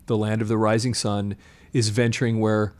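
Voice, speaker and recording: A man co-hosting a podcast in casual chat, reading an old article aloud and stopping to comment in animated asides. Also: fairly low pitch, moderate pace. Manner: reads quotes then breaks off to comment, animated asides. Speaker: podcast co-host.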